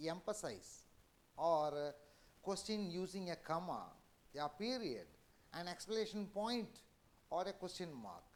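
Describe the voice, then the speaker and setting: A man with an Indian English accent giving an educational lecture, halting with many fillers and restarts. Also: high-pitched.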